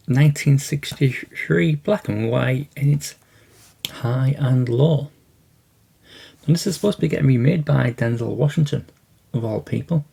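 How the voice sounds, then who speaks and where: Man, gravelly, mellow tone, casual unboxing vlog host, rambling with lots of fillers. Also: mid-range voice. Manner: rambling, hesitant, many fillers and restarts.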